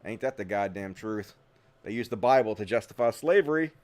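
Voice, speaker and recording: A man's voice: fairly low pitch, expressive, fairly quick. A man hosting a live commentary show, ranting sarcastically and swearing a lot. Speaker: host.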